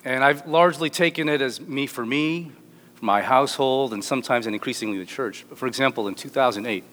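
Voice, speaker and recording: A man's voice: medium pitch, a little fast, fairly bright tone. A middle-aged man preaching a sermon as a pastor, joking and rambling with restarts. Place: church hall. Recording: echoey hall with long reverb.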